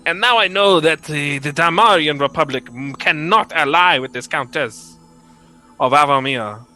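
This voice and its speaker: A man's voice: on the high side, moderate pace, bright, forceful tone, faint music behind, rough recording. A man voicing a boastful young prince, freshly freed from a curse, who tells his tale in a rambling, self-important way. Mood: storytelling.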